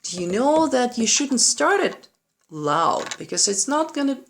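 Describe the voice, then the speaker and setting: Her voice is a little high, sing-song and a little slow. She's a woman teaching a play-along piano lesson in a room with a piano, which plays behind her; patient, she counts and sings rhythms aloud as she demonstrates and often asks "right?".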